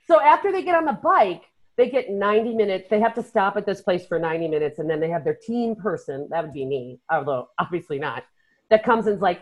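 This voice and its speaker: Animated woman telling stories, lo-fi. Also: mid-range voice, brisk. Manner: animated storyteller, swears, acts out quotes, laughs often. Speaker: podcast host. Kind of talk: casual chat. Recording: dull lo-fi sound.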